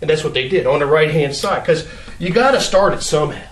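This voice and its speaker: A man's voice: on the high side, a little fast. A man casually telling a made-up story, acting out sounds and gestures as he goes. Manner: animated, acts out sounds and gestures. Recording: roomy echo, mic at a distance.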